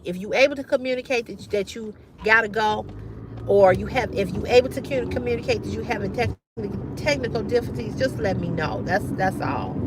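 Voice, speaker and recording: A woman's voice: fairly high pitch, background noise. A woman hosting a casual livestream, talking bluntly and with profanity straight to her viewers in a style. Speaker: livestream host.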